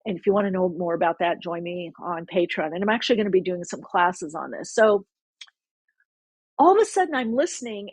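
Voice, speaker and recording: A woman's voice: mid-range voice, breathy edge, no echo. A woman podcast host casually telling a spiritual story, rambling and often breaking off mid-sentence. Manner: rambling, self-interrupting, animated retelling.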